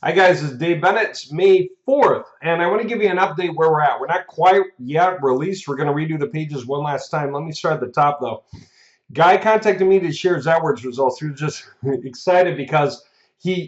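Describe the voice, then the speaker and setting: A man hosting a marketing course gives a casual video update while he has the hiccups, chatting, laughing often and rambling with restarts and fillers. His voice is on the high side and fairly quick, recorded in an echoey room with dull lo-fi sound.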